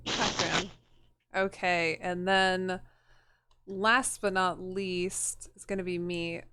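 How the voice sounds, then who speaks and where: A woman taking part as a player in a tabletop game, chatty and quick with asides. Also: on the low side, flat delivery, bright, forceful tone, smooth, dry recording, studio quality. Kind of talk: casual tabletop role-play.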